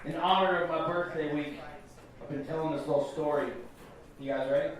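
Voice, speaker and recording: A man's voice: a little high, fairly even intonation, brisk. A young man in his twenties doing a stand-up comedy set, telling a story in a loose, profane way with asides to the crowd. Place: comedy club stage. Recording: echoey club room from far off with crowd. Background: audience laughter.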